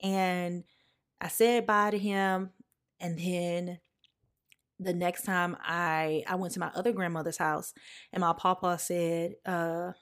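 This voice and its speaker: A young woman hosts a podcast and shares a personal story in a candid, conversational manner. Her voice sits a little low for a woman. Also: little pitch movement, slow pace, smooth. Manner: candid, conversational, emotional at times. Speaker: podcast host.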